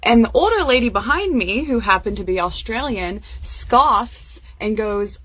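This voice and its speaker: A woman's voice: a little high, animated, a little slow, few pauses, fairly bright tone. Woman telling a wry story. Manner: chatty, wry. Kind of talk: casual storytelling.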